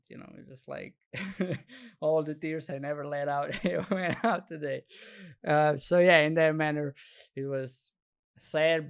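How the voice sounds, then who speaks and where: A man's voice: mid-range voice, clear, resonant tone. A man hosting a podcast in casual chat, laughing often and leaning on "you know" as he talks. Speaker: podcast host.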